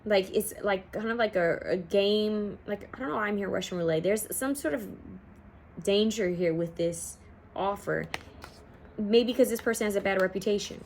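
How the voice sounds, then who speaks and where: A chatty woman reads tarot cards in a loose, rambling way. Her voice sits at an ordinary middle pitch. Faint background noise runs under her home recording. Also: moderate pace, darkish tone. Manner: chatty, rambling, sings song snippets. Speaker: tarot card reader. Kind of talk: casual pick-a-card tarot reading.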